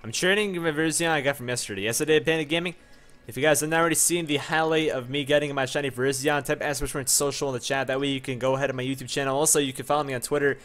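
A man's voice: mid-range voice, rapid-fire. A young man hosting a gaming livestream, chatting casually, laughing easily and filling his talk with "like" and "dude". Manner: animated, laughs easily, says "like" and "dude" a lot. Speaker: livestream host. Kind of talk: casual gaming stream chat.

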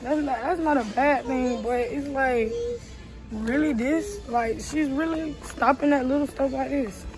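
A woman's voice: sits high, a little slow, over music, rough recording. A young woman, a mother chatting to her viewers on a phone while shopping in a big store. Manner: chatty, addresses viewers as y'all. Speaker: vlogger, mother. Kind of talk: casual vlog while shopping. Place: large store indoors.

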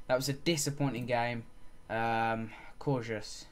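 A man's voice: mid-range voice, steady tone, moderate pace, few pauses. A man giving casual let's-play commentary on a football management game, calling the action play by play and muttering frustrated asides. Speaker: gaming channel host.

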